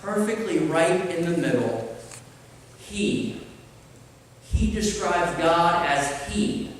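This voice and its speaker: A man preaching a sermon, slow and deliberate with pauses, in a church sanctuary. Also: sits high, lively intonation, slight background noise. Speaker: pastor. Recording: roomy church hall, mic at a distance, faint ambience.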